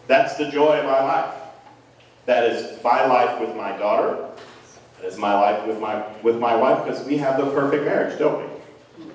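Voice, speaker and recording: A man's voice: medium pitch, darkish tone, slight background noise. A middle-aged man giving a rambling, earnest, self-deprecating speech to parents as a band director. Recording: echoey hall from far off.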